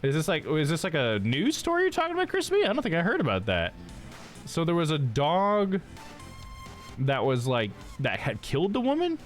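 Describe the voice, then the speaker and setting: A man's voice: fairly high pitch, huge pitch swings, normal speed, faint music behind. A male streamer chatting casually while he plays a game, laughing often and calling people "dude".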